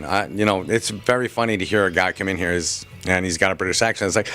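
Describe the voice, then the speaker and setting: A man's voice: sits low, fast talker, few pauses, bright, forceful tone. A man working in a comic shop, answering interview questions in a chatty, joking way, with frequent restarts. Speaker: comic shop worker and podcaster.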